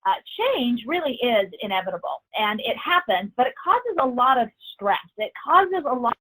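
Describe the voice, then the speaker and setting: A woman's voice: fairly high pitch, big pitch swings, moderate pace, bright, forceful tone, poor audio. A woman presenting a corporate training webinar, emphatic and encouraging, repeating her key phrases.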